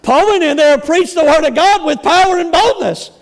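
A pastor preaching a sermon, emphatic, repeating words and stressing key phrases slowly and loudly. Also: male voice, extremely high pitch. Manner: emphatic, repeats words, shifts between loud bursts and slow stresses.

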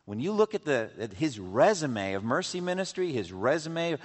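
A man's voice: mid-range voice, very animated, moderate pace, few pauses. A man preaching a sermon, reading scripture aloud and pressing his listeners with emphatic questions. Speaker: pastor. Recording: reverberant hall, voice from a distance.

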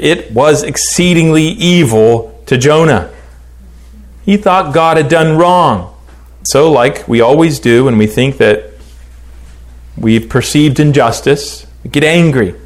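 Animated man teaching a Bible lesson. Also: mid-range voice. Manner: reads scripture aloud and comments with lively emphasis.

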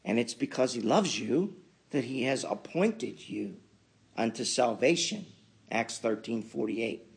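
A man preaching a sermon as pastor, building to emphatic loud peaks and then dropping to quiet asides. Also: medium pitch, lively intonation, unhurried, creaky, slightly rough.

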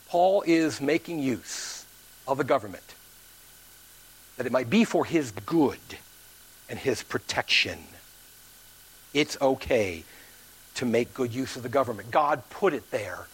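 Preacher, male, high voice that leaps around, animated sermon delivery. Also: breathy edge. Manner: animated preaching, acts out quoted voices with big pitch swings. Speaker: pastor.

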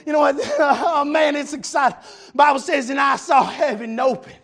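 A man preaching a fervent revival sermon, often shouting and repeating refrains. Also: animated, normal speed, background noise. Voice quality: gravelly, high-pitched voice.

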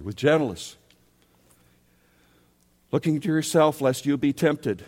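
A man's voice: mid-range voice, a little mellow. Emphatic male preacher in a big hall. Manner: emphatic preacher who rises and drops in volume, repeating key words. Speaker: pastor. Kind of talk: sermon. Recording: long reverb of a large hall.

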